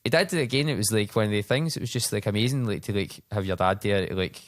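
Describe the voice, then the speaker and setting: A man's voice: lowish voice, fast talker, no room sound, studio quality. A young Scottish man who works as a personal trainer, chatting casually on a podcast and rambling through anecdotes. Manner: rambling storyteller, acts out voices in anecdotes. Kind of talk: casual chat.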